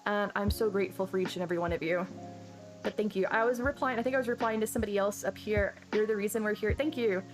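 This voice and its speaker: Over background music, a woman streamer with a mid-range voice talks fast in casual live-stream chat. She thanks viewers effusively and rambles, restarting often.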